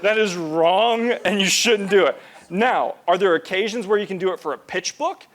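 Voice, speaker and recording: A man's voice: sits high, moderate pace. A man giving a casual live presentation to an audience, talking loosely with lots of fillers and repeats. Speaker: conference presenter.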